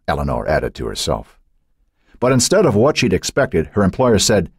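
A man narrating an audiobook in a measured storytelling manner. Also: low-pitched, very animated, slightly rough, no echo, studio quality. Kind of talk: scripted narration.

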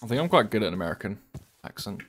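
A young man, chatting casually and joking while playing a game, often swearing and getting excited. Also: lowish voice, very fast, slight background noise. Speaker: gaming streamer.

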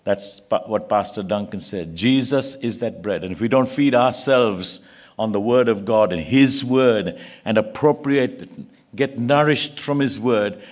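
A man's voice: lowish voice, a little slow, a little mellow. A man preaching a sermon in a church, earnest and pleading, rising to emphatic peaks.

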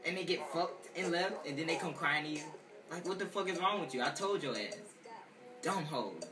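A man in a profane comedic rant, exasperated and mocking, with loud swearing outbursts. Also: fairly high pitch, animated, normal speed. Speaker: comedic commentator. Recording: roomy and distant from the mic, with music behind.

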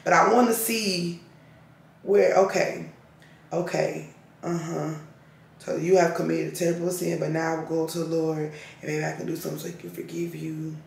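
A woman's voice: low-pitched, steady tone, normal speed, vocal fry, slight background noise. A woman, chatting casually and drawling asides while reading scripture aloud at home. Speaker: lifestyle vlogger. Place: at home, indoors. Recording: roomy echo.

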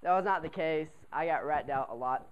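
Animated young man telling a comic story. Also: on the high side, brisk, smooth, highs cut off. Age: young adult. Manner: animated, chatty, asks the crowd for replies. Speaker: college cadet telling a story.

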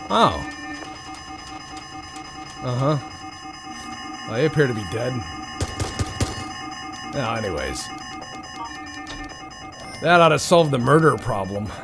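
A man's voice: medium pitch, big pitch swings, slow, pauses often, over music. A young man giving casual, joking commentary while playing a game, muttering to himself. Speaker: let's-play gamer.

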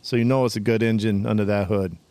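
A man doing a brash Boston car pitchman. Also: fairly even intonation, fast talker, a little mellow, no echo, close to an everyday voice. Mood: hard-sell. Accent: put-on Boston, with a touch of Irish. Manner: pushy, crude sales patter. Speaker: podcast co-host.

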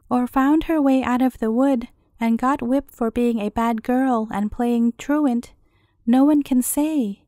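Lady reading a fairy tale out loud, slightly high mellow voice, dry close sound. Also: no echo. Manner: even, measured bedtime-story reading. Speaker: storyteller.

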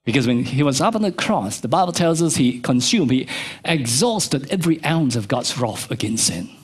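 A middle-aged man preaching a sermon as pastor, swinging between soft low asides and high emphatic peaks. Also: normal speed, husky. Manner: animated preaching, pitch jumping from low to high. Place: church.

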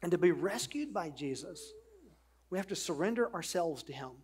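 A man's voice: high-pitched, lively intonation, moderate pace. A middle-aged man who is a pastor, preaching a sermon in an earnest way, with rhetorical questions and conversational asides.

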